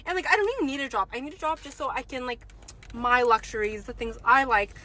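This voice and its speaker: A seventeen-year-old girl ranting casually to her phone about job hunting, profane and animated. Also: high voice, quick pace, poor audio. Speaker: job seeker. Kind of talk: casual rant to camera.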